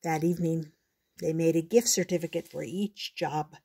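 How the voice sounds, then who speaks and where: An older woman gently reading a children's storybook aloud in a measured, unhurried way. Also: sits low, steady tone, slightly rough.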